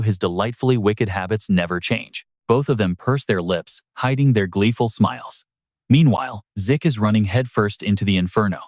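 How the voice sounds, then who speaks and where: A man's voice: on the low side, normal speed, a little mellow, no echo, studio quality. A man narrating a story recap in a dramatic, scripted storytelling manner. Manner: dramatic storytelling with brief voiced quotes.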